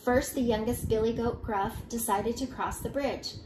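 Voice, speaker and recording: An older woman reads a children's storybook aloud in an expressive voice, stumbling and restarting now and then. Her voice sits on the higher side, and the room is echoey with faint noise behind her. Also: unhurried, hardly any pauses. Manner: expressive, with small slips and restarts. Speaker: storybook reader. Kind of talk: children's read-aloud narration.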